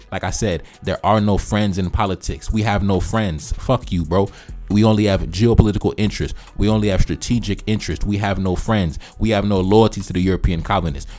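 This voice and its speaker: A man's voice: deep voice, a little mellow. A man hosting a casual reaction commentary, blunt and laid-back, swearing freely as he reads comments aloud. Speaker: commentator and channel host.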